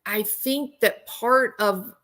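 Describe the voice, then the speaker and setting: A woman's voice: on the high side, takes it slowly, bright, forceful tone. A woman hosting a true crime livestream, talking casually and animatedly, laughing and mocking people with impressions.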